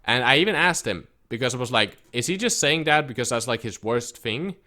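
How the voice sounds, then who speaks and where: An esports team coach delivers a casual storytelling rant to camera, frustrated and emphatic, quoting others in his retelling. His mid-range voice is expressive, bright and forceful, moving a little fast.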